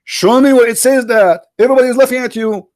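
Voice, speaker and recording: A man's voice: very high-pitched, fast talker, no echo, poor audio. A man hosting a heated online debate, domineering and insulting, repeating himself to talk over his opponent. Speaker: debate host.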